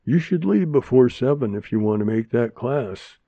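Man reading as a calm, practical woman. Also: mid-range voice, normal speed, no echo, dull audio.

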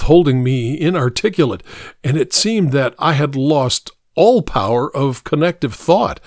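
A man reading a first-person suspense story aloud in a measured, dramatic way. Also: mid-range voice, a little mellow, dry recording, clean studio sound. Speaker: narrator.

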